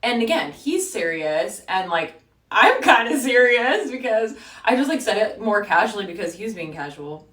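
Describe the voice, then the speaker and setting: A young woman in her twenties telling a storytime while getting ready, chatty and animated, full of "like". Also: fairly high pitch, moderate pace, roomy sound, far from the mic. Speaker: vlogger.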